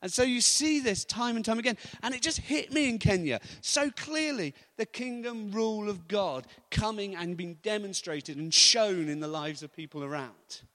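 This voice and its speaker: A man preaching, telling stories in a lively, anecdotal way and chuckling often. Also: high voice, normal speed, few pauses. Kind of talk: storytelling sermon.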